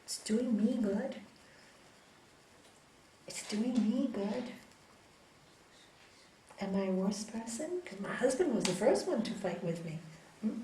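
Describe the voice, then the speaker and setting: A woman teaching a spiritual yoga course to a small group, talking in a lively way and acting out what other people say. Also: fairly high pitch, takes it slowly, long pauses. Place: yoga hall, indoors. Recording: echoey hall, mic far off, faint hiss.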